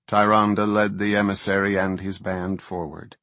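Man narrating a fantasy book, low kinda husky voice, dry close mic. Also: flat delivery, normal speed, hardly any pauses, fairly bright tone, no room sound. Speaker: audiobook narrator.

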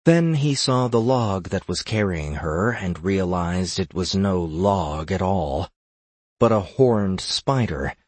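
A man narrating a fantasy audiobook in a measured, steady storytelling manner. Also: low-pitched, husky, no echo.

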